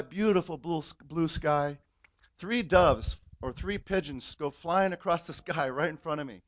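A man's voice: fairly high pitch, lo-fi sound. A man telling a heartfelt personal testimony in church, earnest storytelling that swells when he is moved. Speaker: guest giving testimony.

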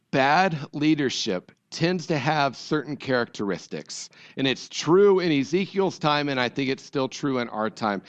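A pastor from rural Ohio giving a sermon, praying, reading scripture and talking easily with the congregation. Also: male voice, a little high, muffled recording. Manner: conversational, jokes with the congregation.

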